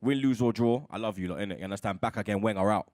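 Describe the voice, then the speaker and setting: A man, chatting casually as a regular fan guest, full of slang and animated asides. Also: lowish voice, racing. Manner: heavy street slang, animated, laughing asides. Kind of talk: casual chat.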